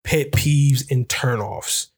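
A man's voice: medium pitch, slow pace, husky. A young man telling candid, profane stories in a rambling, casual way, full of fillers and grammar. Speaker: podcast host. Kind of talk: casual storytelling.

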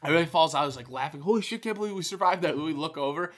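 A man co-hosting a podcast, telling a story in a relaxed way and swearing casually between short agreeing replies. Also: fairly high pitch, very fast. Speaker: podcast co-host. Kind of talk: casual chat.

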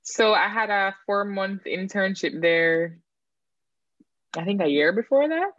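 A woman guest in a casual podcast chat, telling stories quickly and with animation. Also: mid-range voice, lively intonation, dry recording. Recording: dry, dull lo-fi mic.

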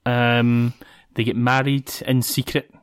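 A woman's voice: extremely low pitch, little pitch movement, slow, smooth, dry recording, clean studio sound. A woman with a Scottish accent casually recapping a film's plot for a podcast, giggling between points. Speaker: podcast co-host. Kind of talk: casual film recap chat.

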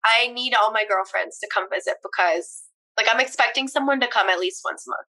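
A young woman from Pennsylvania talks through a relaxed chat with a friend in a bright, slightly high voice. Her speech runs loose and easy, full of "like" and casual swearing. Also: fairly quick. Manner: chatty, filler-heavy with "like", casual swearing. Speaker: podcast co-host.

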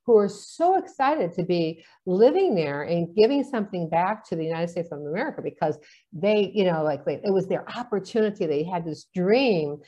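Low, mellow-voiced woman telling stories. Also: animated, moderate pace. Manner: chatty, acts out dialogue in her stories. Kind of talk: casual conversation, telling stories. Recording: dull lo-fi sound.

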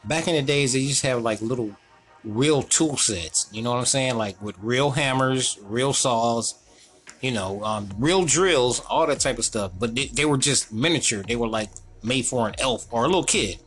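A man telling a childhood story in a casual, animated way, laughing often and talking in loose slang. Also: medium pitch, normal speed. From North Carolina, US. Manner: animated, laughing, slangy, repeats "you know what I'm saying".

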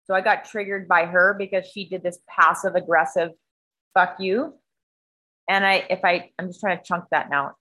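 A woman's voice: fairly low pitch, fairly even intonation, moderate pace, pushed and bright, rough recording. A woman in casual conversation, talking earnestly and often restarting her sentences. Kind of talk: casual chat.

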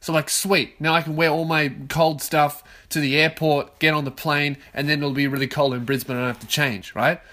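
A man's voice: fairly high pitch, level tone, a little fast, few pauses. Profane young Australian man ranting. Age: 20s. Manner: profane, ranting, loud outbursts. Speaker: podcast host. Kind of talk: casual solo podcast rant. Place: his own bedroom.

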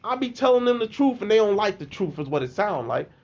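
A man with a notably high speaking voice tells his stories in a loose, animated and profane way. He talks as a podcast guest and jumps into other people's voices as he goes. The sound is a little dull and lo-fi. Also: fast. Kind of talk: casual storytelling. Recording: lo-fi podcast audio.

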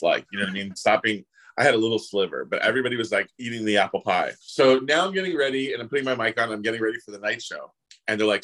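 Poor audio captures a man with a lowish voice, an actor guest chatting casually. He tells anecdotes with animation, putting on voices for the people he quotes.

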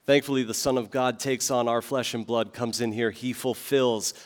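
A man's voice: medium pitch, steady tone, moderate pace, in a large hall. A man preaching a sermon as pastor, earnest and direct, with rhetorical questions to the congregation.

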